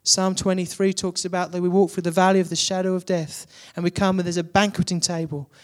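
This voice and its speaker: A man's voice: high-pitched, little pitch movement, fast. A man preaching a sermon, building to emphatic repeated questions.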